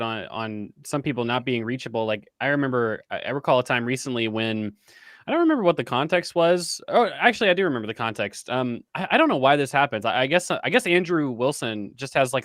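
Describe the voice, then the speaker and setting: A man's voice: mid-range voice, fairly bright tone, no room sound, studio quality. A man co-hosting a casual political talk show who speaks hesitantly, with many restarts. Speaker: podcast co-host.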